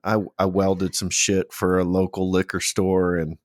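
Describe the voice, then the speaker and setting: A man's voice: low voice, completely flat delivery, measured pace, no echo, studio quality. A man co-hosting a podcast in casual chat, laid-back and rambling, swearing now and then. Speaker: podcast co-host.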